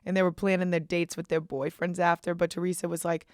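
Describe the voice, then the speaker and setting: A young woman hosting a podcast, telling animated, profane stories in casual chat. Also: fairly low pitch, fast talker, no room sound, studio quality. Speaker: podcast host.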